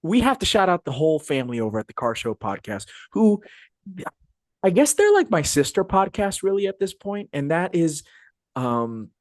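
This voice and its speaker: A man hosting a podcast in casual, animated chat, full of fillers and restarts, over a video call. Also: on the high side, normal speed, dry recording. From Phoenix, Arizona area. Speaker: podcast host. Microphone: video call podcast mic.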